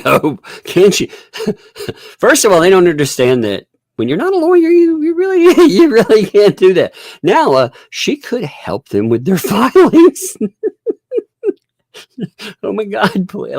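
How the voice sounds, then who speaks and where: A man's voice: high-pitched, wildly swooping pitch, normal speed, no echo, clean studio sound. A man hosting a casual commentary video, laughing often in a mocking, amused way and repeating and restarting words.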